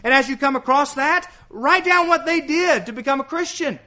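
A man's voice: very high voice, moderate pace, sharp tone. A man preaching a sermon as a visiting preacher, earnest and emphatic, repeating his key points.

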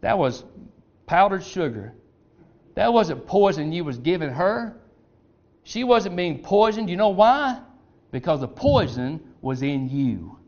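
A sly middle-aged father who coaxes and confides as he lays out a plan, fairly high for a man, as a preacher puts him on. The sound is muffled and lo-fi, like an old church tape. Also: big pitch swings, takes it slowly, darkish tone, full character voice. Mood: reassuring. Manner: coaxing, confiding instructions. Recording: dull lo-fi recording.

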